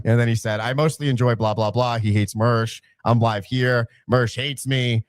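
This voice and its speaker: A man's voice: mid-range voice, steady tone, moderate pace, no room sound. A man telling a story on a podcast and reading out messages in mocking voices.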